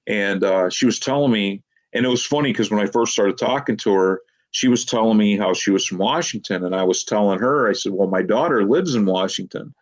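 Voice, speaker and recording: Low-voiced man telling rambling stories. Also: a little fast. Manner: rambling anecdotal storytelling with many "she goes" quotes. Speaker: Bigfoot investigator guest. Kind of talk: casual storytelling interview.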